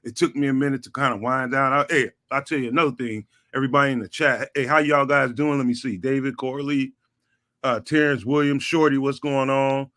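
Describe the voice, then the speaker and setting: A man's voice: medium pitch, steady tone, fairly quick, a bit bright. A man, guest on a sports talk show, talking casually with lots of slang and repeated fillers. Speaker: guest, network founder.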